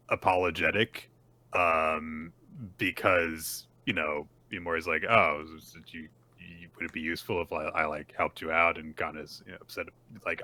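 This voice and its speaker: A man's voice: sits low, sharp tone, no room sound. A man co-hosting a casual manga recap podcast, retelling scenes and acting out the characters' lines. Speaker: podcast co-host.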